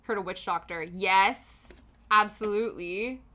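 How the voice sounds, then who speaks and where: A woman's voice: medium pitch, unhurried, bright, forceful tone. A woman hosting a live stream, chatting casually with her viewers while she knits, rambling and laughing often. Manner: chatty and rambling, answering chat with frequent laughs.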